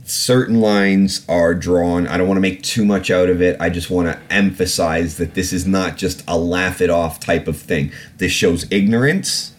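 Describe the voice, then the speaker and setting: A man's voice: sits low, fairly even intonation, normal speed, hardly any pauses. A man hosting a solo podcast, ranting about politics with heavy swearing and rambling, filler-laden asides. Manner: profane, ranting, swears often; rambling with many fillers and restarts. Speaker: podcast host.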